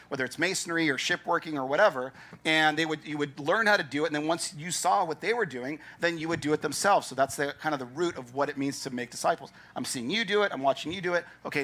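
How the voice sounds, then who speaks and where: A man preaching a sermon as pastor, emphatic and conversational, acting out his listeners' doubts. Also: fairly high pitch. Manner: animated, acts out doubting listeners' thoughts.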